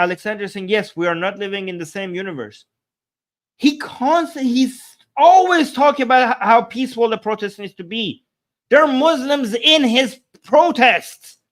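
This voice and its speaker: A man's voice: extremely high pitch, a bit bright. A man doing live-stream reaction commentary on video clips, incredulous and exasperated, with many restarts. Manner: talks fast with many restarts.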